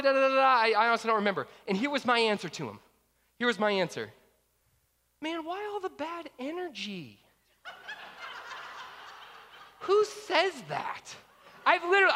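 A man's voice: sits high, big-room sound. A man in his thirties preaching a sermon, telling a personal story and acting out the dialogue. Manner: animated storytelling, acts out dialogue. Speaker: pastor.

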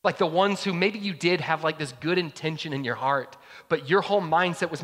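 A man's voice: a little high, fairly quick, hardly any pauses, fairly bright tone, big-room sound. A man preaching a sermon as pastor in a casual, conversational way, full of fillers like "like" and "right?", recorded in a church.

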